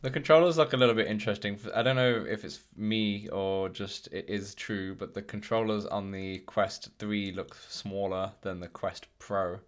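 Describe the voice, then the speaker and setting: Low-voiced man hosting a tech livestream. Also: fairly even intonation, normal speed, few pauses. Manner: rambling, frequent ums and restarts. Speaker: podcast host. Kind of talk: casual livestream chat.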